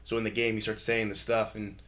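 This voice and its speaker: A young man with a fairly low voice spins casual sports stories in a quick, loose rush. He laughs often and swears without a second thought. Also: flat delivery, a bit bright. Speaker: guest, pro football lineman. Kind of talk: casual storytelling.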